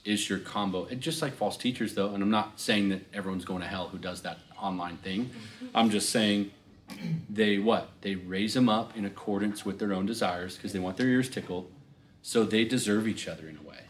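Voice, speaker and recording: Lively low-voiced male pastor. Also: a little hiss or hum. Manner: animated storyteller who acts out quoted voices. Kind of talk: speaking at a Q&A session.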